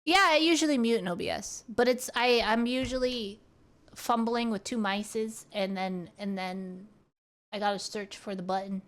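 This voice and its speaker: A woman's voice: medium pitch, moderate pace, a bit bright. A woman streamer chatting casually and playfully close to a studio mic, rambling and restarting her sentences. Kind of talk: casual chat.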